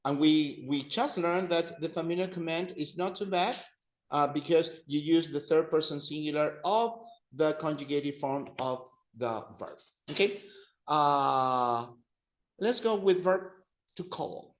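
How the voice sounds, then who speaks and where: Guy teaching spanish class, slow and patient, repeats stuff, fairly high voice, echoey room. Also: highs cut off. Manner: patient, repeats phrases for drilling.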